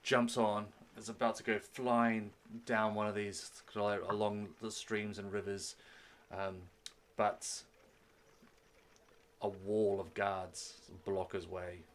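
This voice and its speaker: Low-voiced man narrating a game. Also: level tone, slow pace. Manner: loose storytelling, many restarts. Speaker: game master. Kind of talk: narrating a tabletop game stream.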